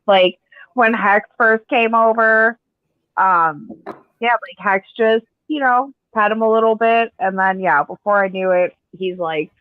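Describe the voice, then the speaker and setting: A woman chats in a relaxed, joking way as a podcast co-host. Her voice sits at a middle pitch. The recording is dry, with no room sound, and slightly muffled. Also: a little slow, smooth, dry recording. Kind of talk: casual chat.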